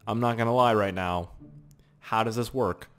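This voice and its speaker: A man giving casual gameplay commentary as a YouTuber, rambling and self-mocking, with swearing and sudden excited outbursts. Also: fairly low pitch, normal speed, clear, resonant tone. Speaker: gaming YouTuber.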